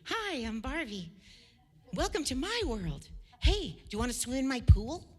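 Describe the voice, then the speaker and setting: A woman voicing a bubbly, cheery young female doll in a sweet, breathy voice. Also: high-pitched, big pitch swings, unhurried, a little mellow, in a large hall, pitched above the performer's own voice, full character voice. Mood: sugary.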